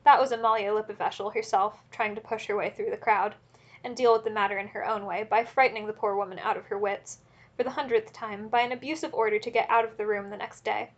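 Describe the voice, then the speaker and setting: A woman narrating a classic novel as an audiobook in a steady, measured reading. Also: mid-range voice, lo-fi sound.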